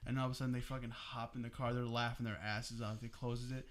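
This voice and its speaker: Here a young man on a podcast he co-hosts recounts a story to his friends with lots of energy. The delivery is quick and medium-pitched, casual in tone, peppered with swearing and laughter.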